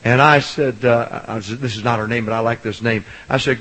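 A middle-aged man preaching a sermon as a Baptist pastor, swinging from loud hollering to soft storytelling. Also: mid-range voice, fairly quick, few pauses, breathy edge, low-quality recording.

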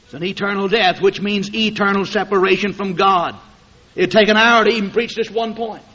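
A fiery preacher man with a high, bright voice swings from hushed, low passages to drawn-out shouts. The recording sounds dull and lo-fi, like an old tape of a church service. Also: fairly even intonation, breathy edge. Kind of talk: fiery sermon.

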